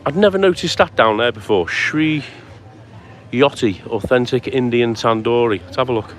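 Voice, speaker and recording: A man with a mid-range voice and moderate pace live-streams a walk on town streets at sunset. He chats and greets viewers by name as he goes, with faint street noise in the background.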